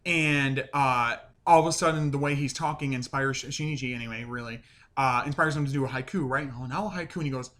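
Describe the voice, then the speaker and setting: A man reviewing and recapping a TV episode in a casual, rambling way, full of fillers and animated retellings. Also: medium pitch, fairly quick. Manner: chatty, rambling with many "like" and "um" fillers; animated, acts out quoted lines. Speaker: show reviewer.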